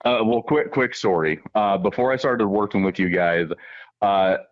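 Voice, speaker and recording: A man from Iowa calling in to a radio show, a former producer, chatting in a halting way full of fillers. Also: fairly low pitch, no echo, dull audio. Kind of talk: casual radio chat.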